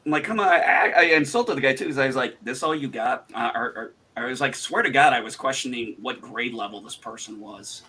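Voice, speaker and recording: A man with a bright, forceful voice hosts a casual livestream chat. He tells stories with energy, swears freely, and performs his own comebacks. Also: mid-range voice, fairly quick, hardly any pauses, husky. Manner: animated, swearing storyteller, acts out quoted retorts. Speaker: host.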